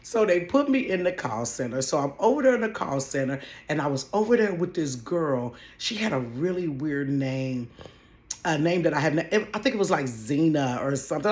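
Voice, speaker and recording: A woman telling a casual storytime about her old job at home, chatty and animated, calling listeners honey. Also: sits low, moderate pace. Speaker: vlogger telling a work story.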